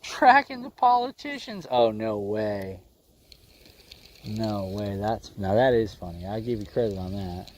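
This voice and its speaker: A man's voice: lowish voice, very animated, unhurried, a little mellow. A man hosting a fishing livestream from a windy lake, chatting casually and joking with his viewers, laughing often.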